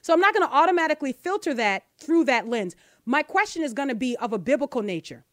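Woman talk show host, high voice, dry close sound, keeps asking "right?" to make her point. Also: lively intonation, fast, fairly bright tone, dry recording. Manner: emphatic, with many rhetorical "right?" tag questions. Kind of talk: opinion commentary on a talk show.

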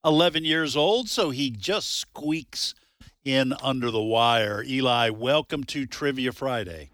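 A man's voice: mid-range voice, measured pace, fairly bright tone, no room sound. A man co-hosting a radio trivia show on a studio microphone, friendly as he takes callers. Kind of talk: casual radio chat.

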